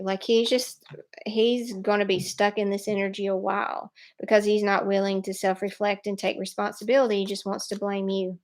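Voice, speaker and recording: A woman giving a live tarot reading, speaking in an animated, emphatic way and laughing often. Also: mid-range voice, normal speed. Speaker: tarot reader.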